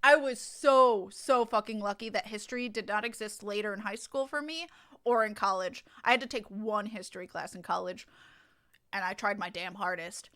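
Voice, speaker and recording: Bright-voiced woman streamer chatting candidly. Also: medium pitch, moderate pace. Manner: candid, swears freely, laughs often. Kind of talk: casual chat with stream viewers while gaming.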